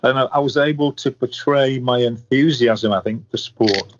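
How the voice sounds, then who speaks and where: An older man with a northern Yorkshire accent reminisces about his broadcasting career, speaking with enthusiasm and a storyteller's flow. His voice sits at a middling pitch, and the recording sounds dull and lo-fi. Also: moderate pace, background noise. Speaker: guest sports commentator. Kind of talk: reminiscing interview talk. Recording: dull lo-fi podcast audio.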